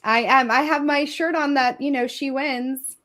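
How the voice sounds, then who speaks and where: A woman's voice: sits high, steady tone, a little slow, bright, forceful tone. A woman, a business growth strategist, giving an upbeat and polished introduction of her work as a guest on a live show.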